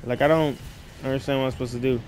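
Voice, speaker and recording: A man giving casual, slangy commentary while playing a horror game in a dark room at night, yelping when startled. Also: mid-range voice, fairly even intonation, rapid-fire, music in the background. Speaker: gaming streamer. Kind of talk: casual let's-play commentary.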